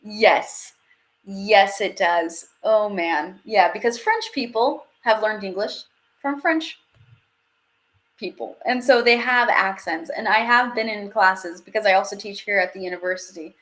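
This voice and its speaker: A woman's voice: mid-range voice, unhurried, a bit bright. A young woman teaching a live online language class, chatty, laughing often and dropping French phrases into her English. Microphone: webcam or headset on video stream.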